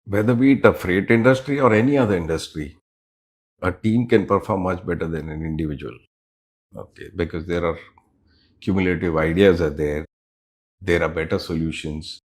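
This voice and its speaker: A middle-aged man speaks in a fairly low voice. He answers interview questions as a business leader, explaining his points in a measured way and pausing between phrases. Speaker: business unit head, interview guest.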